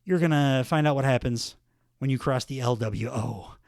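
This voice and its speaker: A man's voice: mid-range voice, normal speed, a little mellow, no room sound, clean studio sound, natural voice. Man doing a stern Latino wrestler. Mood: threatening. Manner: earnest, stern warning. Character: impression of proud older male Latino wrestler.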